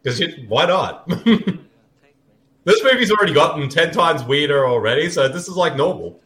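A man's voice: fairly high pitch, animated, normal speed, a bit bright. A man co-hosting a casual movie commentary, joking and laughing often. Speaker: podcast co-host watching a film. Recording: roomy echo.

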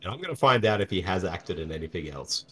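Guy riffing on a movie with a friend, bright voice, bouncy and jokey. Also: deep voice, quick pace. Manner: jokey and animated. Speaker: co-host. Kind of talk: casual movie commentary.

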